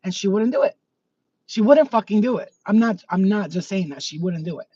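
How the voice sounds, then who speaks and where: A woman's voice: mid-range voice, expressive, a little fast, warm tone, slightly rough, lo-fi sound. A woman who works as a psychic medium, walking her neighborhood and ranting bluntly with plenty of swearing into a handheld phone. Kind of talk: ranting vlog. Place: outdoors in a residential neighborhood.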